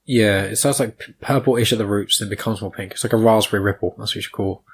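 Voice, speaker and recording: A young man with a somewhat low voice hosts a casual podcast chat. He gives his views bluntly and swears easily. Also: steady tone, fast, a little hiss or hum. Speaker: podcast host.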